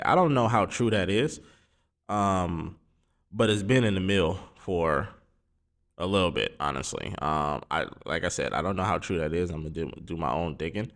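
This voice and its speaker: Male sports podcast host, deep voice, loose and rambling, lots of ums. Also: a bit bright. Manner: rambling, filler-heavy, informal. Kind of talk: casual solo sports talk.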